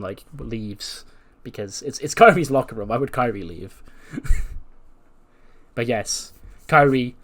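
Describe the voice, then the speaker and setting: A man casually recapping a wrestling management game, chatty with fillers. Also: medium pitch. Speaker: let's play host.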